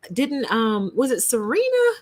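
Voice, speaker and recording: A woman's voice: fairly high pitch, huge pitch swings, measured pace, a little mellow. A woman hosting a casual commentary stream, speaking emphatically and straight to her viewers. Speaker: host. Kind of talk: casual commentary to a live audience.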